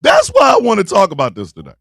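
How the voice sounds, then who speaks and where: A man hosting a live stream, talking loud and profane and laughing often. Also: high-pitched, wildly swooping pitch, fast talker, creaky, husky, no room sound, studio quality.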